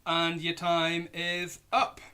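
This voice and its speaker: A man's voice: fairly high pitch, completely flat delivery, slow pace, pushed and bright, a little hiss or hum. A young man with a Yorkshire accent hosting a live online pub quiz, reading out questions and options and chatting in a jokey, easygoing way. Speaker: quiz host. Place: indoors at home on a hot day.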